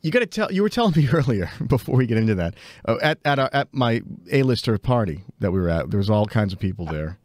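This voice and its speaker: A man co-hosting a podcast in a relaxed, ribbing chat. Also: lowish voice, fast, hardly any pauses, no room sound. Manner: easygoing, ribbing the host. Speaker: podcast co-host. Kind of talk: casual chat.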